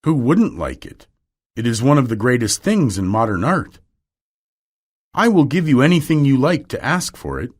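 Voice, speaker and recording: A man reading aloud and voicing a witty aristocratic gentleman, speaking in an assured, casual way. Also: mid-range voice, very animated, moderate pace, breathy edge.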